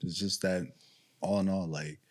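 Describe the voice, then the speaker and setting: Brief: man guest, very low voice, plain sincere talk. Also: steady tone, unhurried. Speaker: guest security guard. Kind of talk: casual interview.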